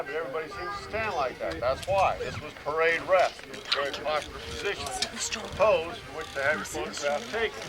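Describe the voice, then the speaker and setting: A man giving an outdoor reenactment demonstration, explaining rifle drill steadily and barking out commands. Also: on the high side. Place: outdoors at a historic fort. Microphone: camcorder from a distance. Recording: noisy outdoor camcorder audio.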